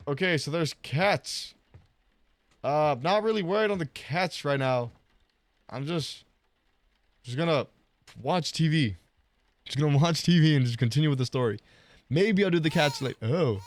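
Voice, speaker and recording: Male gamer commentator: excitable and jokey, with lively pitch swings. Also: normal speed. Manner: excitable, laughing, coos at the baby in a high voice. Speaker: gaming YouTuber. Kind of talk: casual let's-play commentary.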